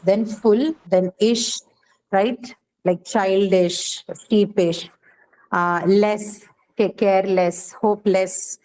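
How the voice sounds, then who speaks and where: The low-quality recording, with slight background noise, captures a woman whose voice is medium in pitch and a little mellow. As an English teacher lecturing a class, she asks questions and checks in with "right?" as she goes.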